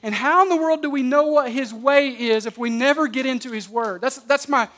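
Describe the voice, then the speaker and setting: High-voiced man preaching emphatically. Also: fairly quick. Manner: emphatic, swings between loud and soft, repeats words when starting phrases. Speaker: pastor. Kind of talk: sermon. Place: church service.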